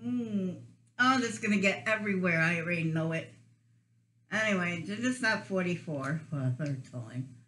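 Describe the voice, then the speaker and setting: A woman's voice: mid-range voice, animated, normal speed, fairly bright tone, a little hiss or hum. A woman chatting casually and giggling as she eats through a food challenge on her vlog. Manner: giggly, chatty while eating. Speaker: vlogger.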